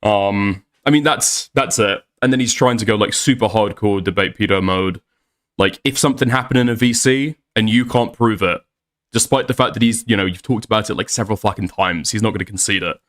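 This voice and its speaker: A man's voice: lowish voice, fairly quick, a bit bright. A man, rambling and swearing as he recaps an online argument in a casual voice chat. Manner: rambling, frequent restarts and swearing. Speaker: streamer recapping a debate.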